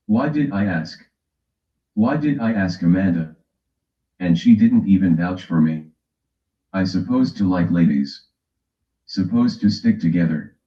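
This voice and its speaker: A man from the West Coast of the US hosting a casual livestream, teasing his chat and reading a timer aloud. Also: low voice. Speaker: livestream host. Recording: echoey room, dull lo-fi sound.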